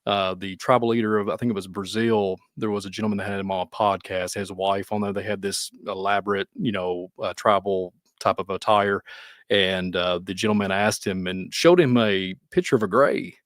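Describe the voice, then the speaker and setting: A man with a Kentucky accent hosting a podcast, talking in a rambling, animated way with frequent laughs. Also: sits low, moderate pace, no echo, clean studio sound. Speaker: podcast host. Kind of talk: casual conversation.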